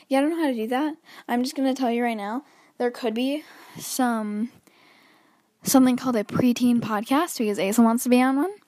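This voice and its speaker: Slightly high and darkish in tone, with no echo, this teen podcast host rambles nervously through a casual solo chat. She breathes heavily between thoughts and keeps making fun of herself.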